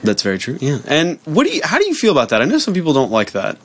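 A man co-hosting a podcast, chatting casually while he plays a game, animated and jokey and prone to silly voices. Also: on the high side, rapid-fire, slight background noise. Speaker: podcast co-host playing a game. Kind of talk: casual gaming chat.

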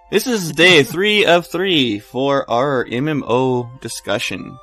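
A man's voice: a little high, slow pace, sharp tone, faint music behind. A man hosting a casual podcast, introducing topics and teasing his co-hosts playfully. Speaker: podcast host.

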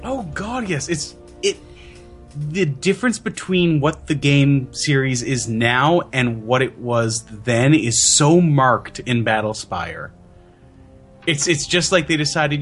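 A man's voice: mid-range voice, expressive, takes it slowly, fairly bright tone, slightly rough, soft background music. A man co-hosting a casual gaming podcast, rambling with amused enthusiasm. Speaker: podcast co-host.

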